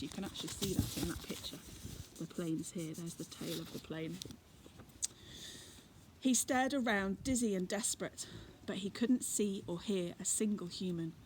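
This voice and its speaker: A woman's voice: fairly low pitch, normal speed. Woman reading a story aloud, noisy recording. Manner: expressive reading with chatty asides. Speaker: reader. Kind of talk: reading a children's book aloud.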